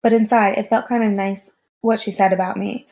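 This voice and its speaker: A woman's voice: medium pitch, a little fast. Woman reading a novel aloud. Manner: steady first-person narration. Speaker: reader.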